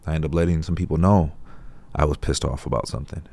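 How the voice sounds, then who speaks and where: A man's voice: very deep voice, fast talker, gravelly, darkish tone. A man talking casually and reflectively to camera in a laid-back, profane, conversational way. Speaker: vlogger.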